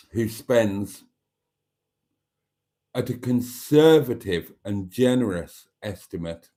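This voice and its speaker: A man's voice: mid-range voice, mellow. A man hosting a live stream, reading out viewer comments with wry, self-mocking asides. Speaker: channel host.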